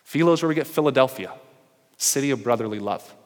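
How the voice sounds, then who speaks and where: A man's voice: medium pitch, lively intonation, fast talker. Male preacher in a reverberant hall. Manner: storytelling preacher who acts out the characters' dialogue. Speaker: pastor. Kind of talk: sermon.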